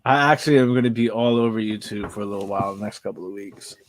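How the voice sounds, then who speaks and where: A man's voice: on the low side, fast talker, a little hiss or hum. A man co-hosting a reseller podcast, talking in a laid-back, rambling way that often repeats words. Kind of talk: casual chat.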